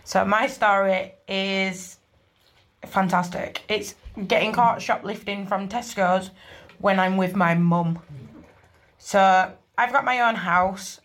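Chatty northern English woman, slow. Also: mid-range voice, a bit bright. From northern England. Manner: chatty, hesitant. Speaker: caller. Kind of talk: telling a personal story.

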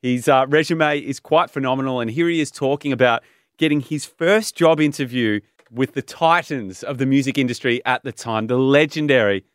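Male radio host, mid-pitched, gushing and upbeat, dry close mic. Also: normal speed, no room sound. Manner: enthusiastic, gushing. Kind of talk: interview and show outro.

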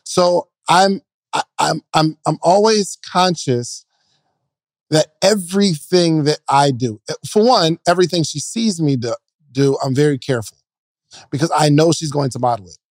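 A man's voice: on the high side, moderate pace, no room sound. A man co-hosting a podcast, telling stories in a loose, casual way with many "like"s. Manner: loose anecdotal storytelling with filler "like". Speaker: podcast co-host.

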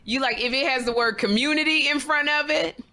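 A woman co-hosting a talk show in casual, animated chat, often laughing. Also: high voice. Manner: animated, chatty, quick to laugh. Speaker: co-host.

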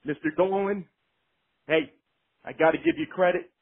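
A husky-voiced man calls in to sports radio, blunt and profane. His voice comes through thin and tinny over the phone line. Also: high voice, fairly even intonation, normal speed. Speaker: caller.

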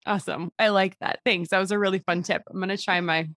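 A woman's voice: medium pitch, steady tone, fast, fairly bright tone, no room sound, clean studio sound. A woman hosting an interview, chatty and self-deprecating, who laughs easily. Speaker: podcast host. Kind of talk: casual interview chat.

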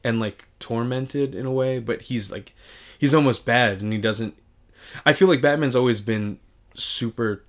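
A man's voice: mid-range voice, measured pace. A young man co-hosting a casual chat, rambling with lots of swearing and restarts.

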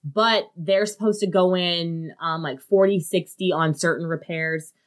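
A woman's voice: on the low side, fairly even intonation, a little slow. Casual woman telling a story on a podcast. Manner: casual, loose, swears freely, many "like" fillers. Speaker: podcast co-host.

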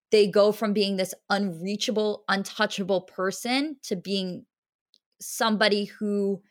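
A woman's voice: mid-range voice, fairly bright tone. A young woman co-hosting a podcast, telling a story in an emotional, gushing way with lots of filler words. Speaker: podcast co-host. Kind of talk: casual chat.

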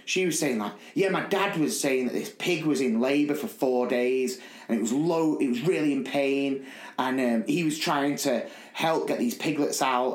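A young man hosting a podcast, telling an animated, rambling story and laughing as he goes. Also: a little high. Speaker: podcast host. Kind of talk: casual storytelling chat. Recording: echoey room.

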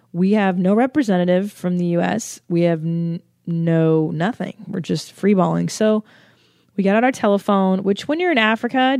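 Her mid-range voice is gravelly and a little mellow as this young American comedian and podcast host spins a travel story. The comic storytelling is full of swearing and jokes at her own expense, in a studio-quality recording with no room sound.

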